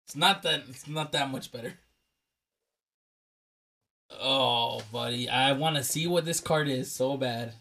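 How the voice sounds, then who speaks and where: A man's voice: medium pitch, a little slow, vocal fry, pauses often, pushed and bright. A man co-hosting a podcast, chatting and joking while counting cards in a drinking game. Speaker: podcast co-host. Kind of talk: casual chat during a drinking card game.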